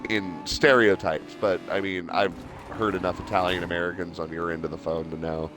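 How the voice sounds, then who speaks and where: A man's voice: low voice, flat delivery, moderate pace, music in the background. A young man hosting a game stream, chatting casually and rambling with lots of fillers. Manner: rambling, heavy use of "like". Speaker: host.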